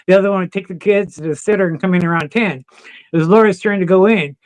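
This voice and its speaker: A man with a high voice talks at a quick pace, recorded with no echo. He's a podcast guest, telling casual, animated stories packed with swearing and laughter.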